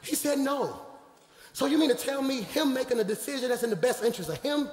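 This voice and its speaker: A man preaching a live sermon as pastor in a large church sanctuary, joking with the congregation and swinging from low asides to shouted, emphatic preaching. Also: lively intonation, fast. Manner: playful, jokes with the congregation. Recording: echoey hall with long reverb.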